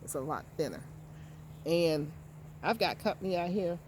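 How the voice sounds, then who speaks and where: In her backyard garden, a woman from Georgia, USA, hosts a casual how-to vlog for her gardening channel, talking right to the camera and repeating words to stress them. Her fairly low voice is expressive and a little mellow, her pace moderate, with slight background noise.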